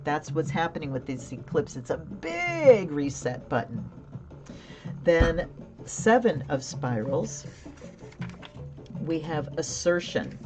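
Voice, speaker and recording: A woman's voice: sits low, big pitch swings, slow, pauses often, over music. A woman hosting a casual live tarot reading, chatting, laughing often and answering viewer comments. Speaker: tarot reader and livestream host.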